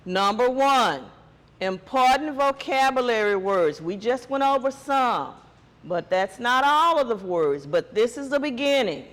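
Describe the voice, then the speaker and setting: A man's voice: very high voice, animated, unhurried, a bit bright, long reverb tail. A man teacher giving a test-prep lesson, quizzing students with call-and-response questions.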